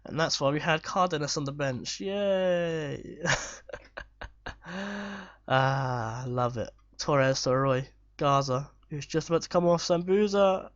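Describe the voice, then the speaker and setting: A man commentating live on his football management game, excitable and swearing when chances are missed. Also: on the high side, measured pace, no echo, muffled recording. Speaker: gaming YouTuber.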